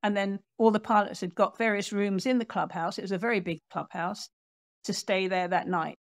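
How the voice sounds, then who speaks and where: A woman author, a guest on an interview podcast, telling a history story in a lively storyteller's way and acting out what people said. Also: medium pitch, fairly quick, no echo, studio quality. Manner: animated storyteller, acts out quotes.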